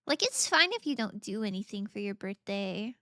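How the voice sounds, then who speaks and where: A woman chats through a game stream in a bright, lively voice that swings widely in pitch. She gushes and laughs easily, and her voice sounds close and dry. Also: moderate pace, no echo. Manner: bubbly, gushing, laughs often. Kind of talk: casual gaming stream chat.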